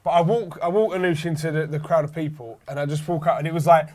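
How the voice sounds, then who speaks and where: A young man, a podcast co-host, telling stories in animated, laughing casual chat. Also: on the high side, fast talker.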